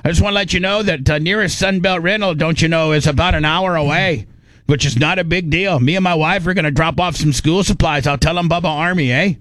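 A radio host voicing a jokey, folksy Canadian man in a high sing-song drawl. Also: fairly quick, fairly bright tone, dry recording, close to an everyday voice.

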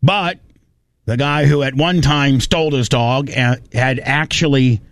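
A man's voice: medium pitch, a little slow, no echo, studio quality. A man hosting a casual chat, reacting to videos and retelling stories with lots of restarts. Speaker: host.

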